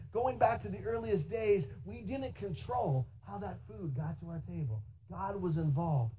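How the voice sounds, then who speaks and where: A pastor delivering a sermon in a husky voice. The delivery is animated, full of rhetorical questions and asides to the congregation. The pitch sits mid-range. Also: muffled recording.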